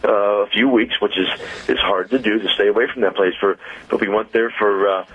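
Chatty man, halting delivery full of fillers, muffled radio sound. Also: lowish voice, fairly even intonation, a little hiss or hum. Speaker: car dealer guest. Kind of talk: casual radio chat. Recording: dull lo-fi radio audio.

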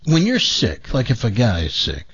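A man's voice: mid-range voice, wildly swooping pitch, normal speed, a bit bright, breathy edge, no echo, dull audio. A man co-hosting a casual chat who jumps in with teasing jokes. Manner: teasing, joking interjections.

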